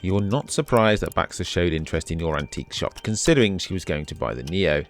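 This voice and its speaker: A man hosts a let's play, reading the game's on-screen text aloud in a steady voice and adding dry asides. His voice is low and a little fast, with soft music in the background.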